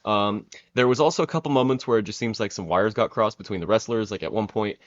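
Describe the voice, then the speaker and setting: A man's voice: fairly low pitch, fast talker, muffled recording. A young man giving a casual spoken review, rambling with many fillers and restarts. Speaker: wrestling reviewer.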